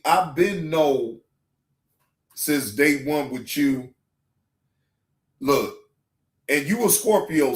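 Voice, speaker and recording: A man hosting a reaction show in casual livestream talk, slangy and profane, repeating himself and swinging from loud hype to quiet asides. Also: mid-range voice.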